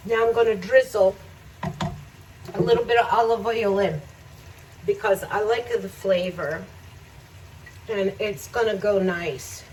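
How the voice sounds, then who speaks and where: A woman's voice: mid-range voice, darkish tone, far from the mic, slight background noise, poor audio. Chatty woman cooking in her kitchen. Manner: chatty, laughs often, talks to viewers while cooking. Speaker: home cooking vlogger. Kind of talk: casual cooking demonstration. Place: home kitchen.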